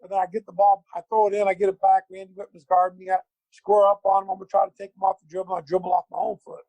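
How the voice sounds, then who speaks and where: A middle-aged man, a former basketball player, telling a long anecdote with lively acted-out quotes. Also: sits high, very fast, no room sound, narrow, tinny audio. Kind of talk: animated storytelling.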